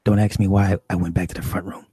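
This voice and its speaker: A man telling a comic story in a casual, profane, animated way. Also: sits low, fast talker, slightly rough, no room sound. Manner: animated, profane, acts out the people he describes.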